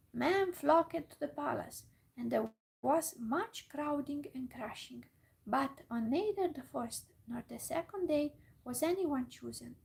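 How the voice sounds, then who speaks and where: A woman reading a fairytale aloud in a whispered role-play, soft and slow with small slips. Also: high-pitched, lively intonation, gravelly, rough recording. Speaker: storyteller.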